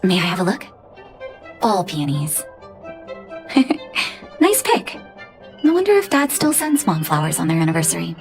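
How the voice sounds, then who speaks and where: A wistful young woman, low voice. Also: sing-song, normal speed, pauses often. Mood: fond. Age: young adult. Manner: soft, reflective, sighing. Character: gentle grown-up orphan woman, heartfelt. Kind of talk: game cutscene voice acting. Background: game music.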